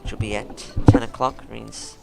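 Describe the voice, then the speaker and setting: A man's voice: on the low side, little pitch movement, moderate pace, gravelly, music in the background. A man giving casual gameplay commentary, musing and thinking aloud as he plays.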